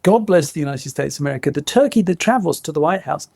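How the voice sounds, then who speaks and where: Middle-aged male guest, gravelly and a touch high-voiced, lively storyteller who laughs and acts out quotes; dry close sound. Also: fast, no room sound. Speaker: guest, former innovation head. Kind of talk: animated anecdotal storytelling.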